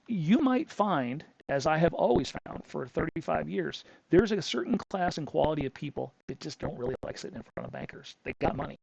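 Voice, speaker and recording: A man's voice: fairly high pitch, creaky, darkish tone, no room sound, dull audio. A middle-aged man hosting a crypto channel, telling a story in a blunt, rambling way with frequent restarts. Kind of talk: casual storytelling monologue.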